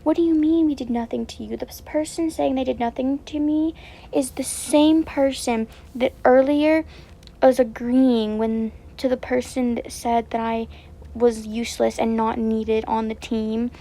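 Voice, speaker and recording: Woman streamer, upset commentary, rambling and repetitive, higher pitch, mellow tone. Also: level tone, unhurried, a little hiss or hum, poor audio. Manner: rambling, repetitive, with many fillers and restarts. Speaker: game streamer.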